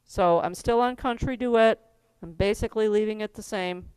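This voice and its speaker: A woman's voice: medium pitch, moderate pace, darkish tone, clean tone, no room sound. A middle-aged woman teaching a keyboard class, giving step-by-step instructions in a chatty way and laughing often.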